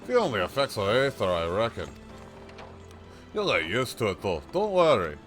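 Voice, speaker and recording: A man's voice: on the low side, wildly swooping pitch, moderate pace, a bit bright, faint music behind. A man voicing a chatty old male peddler with a put-on rustic accent and a folksy, rambling way of talking. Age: older. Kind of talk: reading game dialogue aloud on a livestream.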